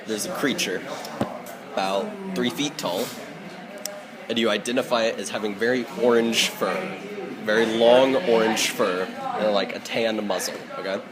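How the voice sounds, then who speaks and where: A man's voice: on the low side, fairly even intonation, normal speed, a crowd in the background. A man narrating as game master in a loose, casual way, laughing often.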